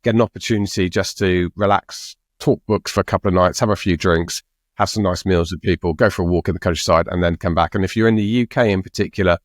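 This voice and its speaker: A man's voice: sits low, fairly even intonation, quick pace, no room sound, studio quality. A man co-hosting a writing podcast in casual chat, jokey and rambling. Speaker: podcast co-host.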